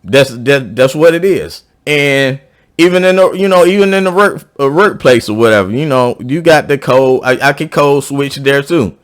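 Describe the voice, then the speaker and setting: A man's voice: animated, normal speed. A man with a South Georgia accent, talking casually and at length to his viewers, rambling and restarting his sentences. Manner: rambling, repeats and restarts, pitch rising when emphatic. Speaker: YouTube commentator. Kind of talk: casual opinion monologue.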